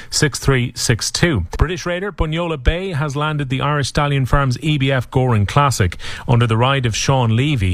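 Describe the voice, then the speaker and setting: A man reading a scripted sports bulletin on radio with a brisk, crisp read. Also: medium pitch, no room sound. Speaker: sports newsreader.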